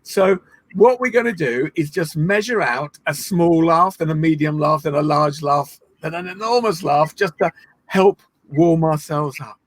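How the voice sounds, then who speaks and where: A man leading an online laughter yoga session, playful and encouraging, breaking into laughs and shouts. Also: a little high, unhurried, no room sound. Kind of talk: guided online laughter exercise. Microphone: video call.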